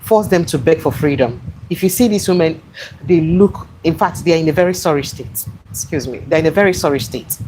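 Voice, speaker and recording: A woman's voice: low-pitched, a little fast, darkish tone, slight background noise, poor audio. A Nigerian woman with a Nigerian accent and Pidgin, hosting a live online news show, reading headlines and commenting on them in exasperated asides.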